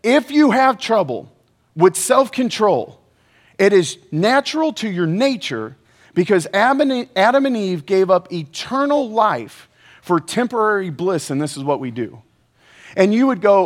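Lively high-voiced male preacher. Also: normal speed. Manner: energetic, joking, asks the audience questions. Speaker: pastor. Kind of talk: sermon.

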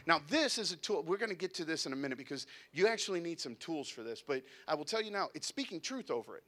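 A man in his thirties preaching a sermon, animated and conversational, with sudden drops to a hush. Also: on the high side, fast, few pauses. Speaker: pastor. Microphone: handheld mic, sometimes set down.

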